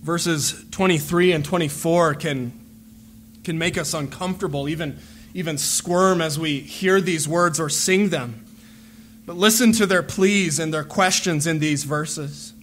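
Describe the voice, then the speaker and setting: A man preaching a sermon as a pastor, earnest and deliberate, repeating phrases as he builds a point. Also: a little high, a bit bright, a little hiss or hum.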